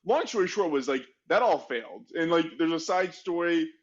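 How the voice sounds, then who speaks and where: A man's voice: fairly high pitch, expressive, normal speed, muffled recording. Chatty man telling a history story. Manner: chatty, frequent "like" fillers, self-mocking asides. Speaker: podcast co-host. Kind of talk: casual conversational storytelling.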